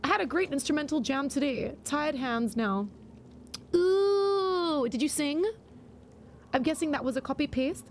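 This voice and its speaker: Casting: high-voiced, gravelly woman streamer, chatty and quick to react. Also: slight background noise. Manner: excitable, chatty, reads viewer messages aloud. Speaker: live-streaming gamer. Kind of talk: live gameplay stream chat.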